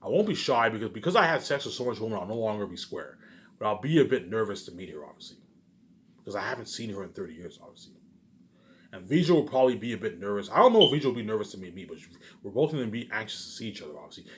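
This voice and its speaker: A man with a lowish, lively voice races through a rambling, profane solo monologue to his channel's viewers, with a faint hiss or hum behind him. As host, he's emphatic and grandiose, saying "obviously" and "you know what I'm saying" over and over.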